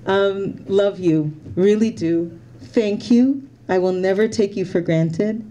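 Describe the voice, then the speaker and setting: Heartfelt woman politician, dark warm voice. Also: medium pitch, slow pace, dull audio. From Canada. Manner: heartfelt, repeats her thanks, a little emotional. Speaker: member of parliament giving thanks. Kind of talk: emotional thank-you speech at an event.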